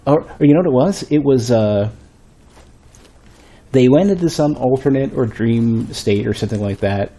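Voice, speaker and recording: A man's voice: medium pitch, moderate pace, dark tone. A man streaming a game, thinking aloud and rambling in a casual, self-mocking way. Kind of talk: casual gameplay commentary.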